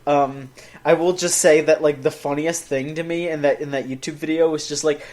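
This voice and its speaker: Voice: mid-range voice, fairly even intonation, normal speed, darkish tone. A podcast co-host in casual banter, starting with hesitations and laughing often.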